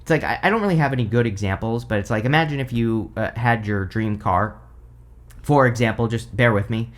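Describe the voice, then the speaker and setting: A young man giving a casual tarot reading to camera, rambling and thinking aloud with many fillers, clearly excited. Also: medium pitch, brisk. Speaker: tarot reader.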